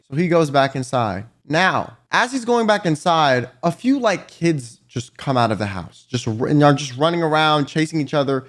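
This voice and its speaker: A man tells a storytime vlog story in a high, very lively voice. His delivery is animated, loose and full of swearing. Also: normal speed, hardly any pauses. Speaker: vlogger.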